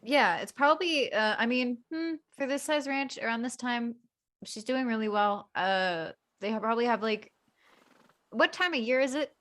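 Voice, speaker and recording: A woman's voice: a little high, expressive, normal speed, a bit bright. A woman playing a tabletop game, describing her character's actions casually with lots of fillers. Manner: chatty, with many fillers. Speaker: player. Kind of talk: casual role-play chat.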